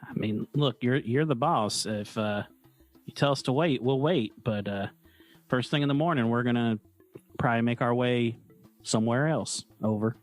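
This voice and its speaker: A man's voice: mid-range voice, normal speed, soft background music, lightly acted. A man playing a plain-spoken army private, talking in a folksy, rambling drawl full of fillers.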